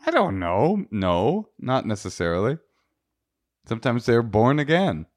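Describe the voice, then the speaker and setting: Male podcast co-host, crude teasing banter, mid-pitched voice, dry close mic. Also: sing-song, unhurried, darkish tone, no echo. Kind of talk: casual banter.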